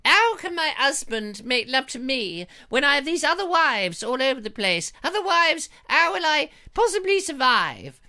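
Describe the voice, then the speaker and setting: Man playing a haughty high-pitched royal wife, warbling falsetto, lively sing-song delivery. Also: moderate pace, few pauses, full character voice. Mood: aggrieved. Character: shrill posh queenly wife, complaining.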